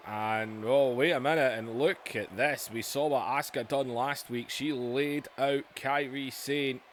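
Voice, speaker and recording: A man hosting a gaming channel narrates wrestling matches like a TV commentator. His voice sits mid-range and gets excitable with the action. A faint hiss sits underneath. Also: mid-range voice, unhurried. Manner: excitable play-by-play, yelling and laughing at big moments. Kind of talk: mock wrestling commentary over a video game.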